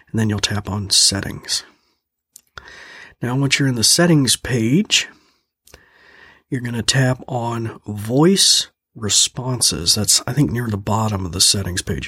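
A man's voice: on the low side, fairly bright tone, husky, no room sound. A man hosting a tech training show, explaining steps in a folksy, chuckling way into a close studio mic. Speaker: host of a tech training program. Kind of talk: casual spoken tutorial.

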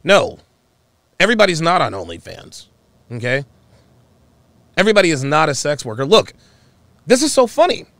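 Mocking animated male podcast host. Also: a little high, normal speed, long pauses, dry recording. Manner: mocking, mimics others in exaggerated voices. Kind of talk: opinionated commentary on a live call-in stream.

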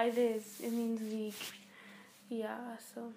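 Teen girl, solo podcast host, groggy and low-energy, mellow and rambling. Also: level tone, a little slow, slight background noise. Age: teens. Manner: rambling, full of fillers and restarts. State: groggy, weak-sounding voice. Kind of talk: casual solo podcast chat.

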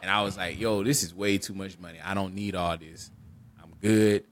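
A man's voice: low-pitched, fairly even intonation, normal speed. A man co-hosting a podcast, candidly telling a personal story in an earnest, reflective way and often restarting and repeating words. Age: adult. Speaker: podcast co-host.

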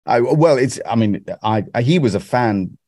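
A man's voice: mid-range voice, expressive, normal speed, a crowd in the background. A man from Britain, a guest actor, chatting in an interview in a self-deprecating way with frequent restarts. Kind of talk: conversational interview.

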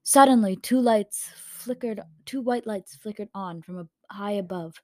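A woman's voice: mid-range voice, measured pace, warm tone, no room sound. A woman reading a story aloud in a casual way, with slips and corrections, into a home microphone. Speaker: story reader.

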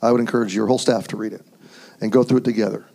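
A pastor hosting a round-table discussion, running briskly through a list of tips and often ending points with "okay?". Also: male voice, lowish voice, steady tone, vocal fry, mellow. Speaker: pastor and conference host.

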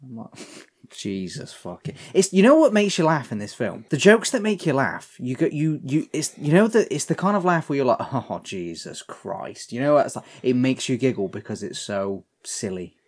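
A man's voice: mid-range voice, animated, fairly quick, darkish tone. A man co-hosting a podcast, chatting casually and swearing while reviewing a film. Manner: laid-back, sweary, laughing often. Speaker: podcast co-host.

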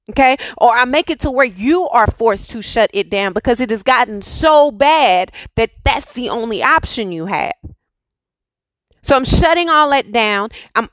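A woman with a high-pitched, somewhat bright voice, recorded with no echo, gives a spiritual pep talk as an inspirational monologue. Her style is preachy, built on rhetorical questions she asks again and again.

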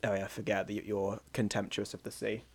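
A man's voice: fairly low pitch, level tone, brisk, creaky, a little mellow. A man from North East England co-hosting a podcast in casual comedic chat, joking crudely and laughing often. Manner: giggly, crude, mocking. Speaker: podcast co-host.

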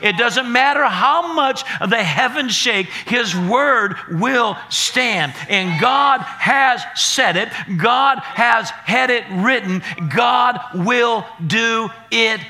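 A pastor preaching a sermon in a high, very bright voice. He drives his points home with rhythmic repetition and climbs to shouted declarations. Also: animated, takes it slowly, few pauses.

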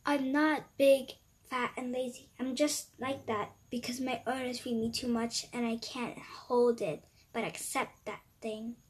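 Woman reading a touchy, lazy fat dog in a kids' story, sulky, a bit breathy. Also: on the high side, level tone, a little slow. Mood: indignant. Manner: sulky, defensive. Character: big plump lazy male golden retriever, touchy.

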